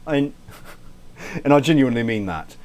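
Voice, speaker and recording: A man's voice: on the low side, lively intonation, moderate pace. A man hosting a cooking livestream, chatting casually while he cooks, thanking viewers by name, swearing lightly and cutting himself off mid-sentence, all in a put-on accent he keeps up throughout. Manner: frequent self-interruptions and light swearing; puts on an unnamed accent for the whole stream. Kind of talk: casual live-stream chat while cooking.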